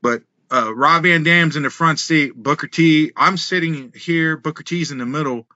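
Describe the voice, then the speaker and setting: A man guest telling road stories in casual, animated talk, laughing and swearing freely. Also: a little high, normal speed, no room sound, dull audio. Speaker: wrestling guest. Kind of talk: casual storytelling.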